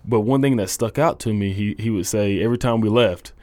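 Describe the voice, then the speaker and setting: A young man, a college football coach, telling his faith story in a halting, earnest way full of restarts. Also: lowish voice, a little mellow, no room sound. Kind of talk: casual testimony interview.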